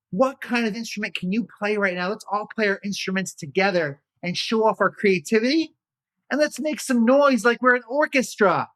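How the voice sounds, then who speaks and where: A man's voice: high voice, moderate pace, fairly bright tone. A man leading a children's yoga storytime, playful and encouraging, with little sound effects along the way. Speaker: kids' yoga instructor.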